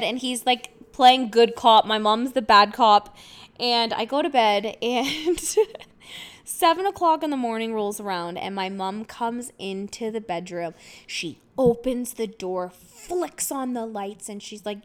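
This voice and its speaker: Woman podcast host, slightly high voice, loose and chatty, storytelling off the cuff. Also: unhurried, smooth. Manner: rambling, filler-heavy, laughs often. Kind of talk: casual personal storytelling.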